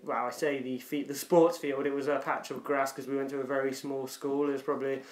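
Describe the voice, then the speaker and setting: A man's voice: medium pitch, flat delivery, brisk. A man co-hosting a casual podcast, chatting and reminiscing with many fillers. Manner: chatty, laughs often, filler-heavy. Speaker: podcast co-host. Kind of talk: casual chat. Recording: echoey room.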